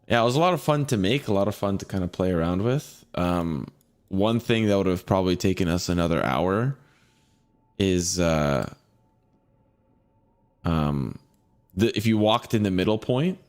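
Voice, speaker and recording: A man chatting casually as the game master after a tabletop session, relaxed, laughing and swearing freely. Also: low voice, measured pace, long pauses. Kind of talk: casual post-game chat.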